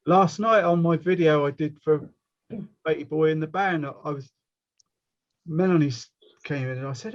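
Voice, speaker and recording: A man's voice: a little high, moderate pace, long pauses, highs cut off. A man with a West Country accent teaching a watercolour workshop over a video call, chatty and rambling, often breaking off to mock himself. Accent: West Country English. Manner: rambling, chatty, self-mocking. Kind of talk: casual online workshop teaching.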